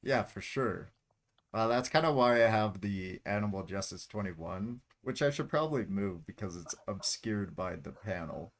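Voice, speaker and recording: A man's voice: lowish voice, lively intonation, normal speed. A man hosting a live stream, laid-back and teasing, laughing often between remarks. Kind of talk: casual live-stream chat.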